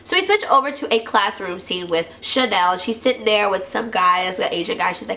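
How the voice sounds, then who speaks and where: A woman's voice: medium pitch, fairly quick, hardly any pauses, slight background noise. A woman chattily recapping a TV episode for her channel, full of "like" and acting out quotes. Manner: chatty, heavy use of "like", acts out quotes in lively voices. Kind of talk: casual TV recap.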